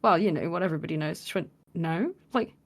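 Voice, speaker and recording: Woman, lively storytelling podcast chat. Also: fairly low pitch, fast. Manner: animated retelling, acts out quoted lines with many fillers. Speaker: podcast co-host.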